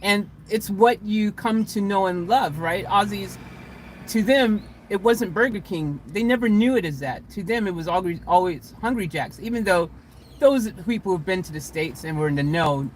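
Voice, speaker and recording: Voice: medium pitch, normal speed, a little hiss or hum. A vlogger telling a story casually from inside a van, rambling, correcting himself mid-sentence and chuckling along the way.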